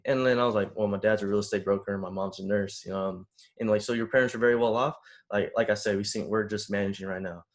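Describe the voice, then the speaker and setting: Young man, from the Bay Area, rapid animated storytelling, casual conversation. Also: fairly low pitch. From San Francisco Bay Area. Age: young adult. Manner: animated retelling, acting out quoted voices. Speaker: panel guest.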